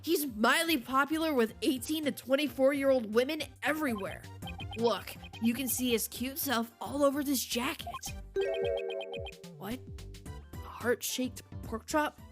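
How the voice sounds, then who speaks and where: A melodramatic young man who wails about lost love and brags about himself, as a woman puts him on for a game reading. He sits high and strained. Some game music runs behind him. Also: a little slow. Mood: boastful. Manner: wailing, overwrought, sobbing. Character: loud lovesick young man, dramatic and whiny.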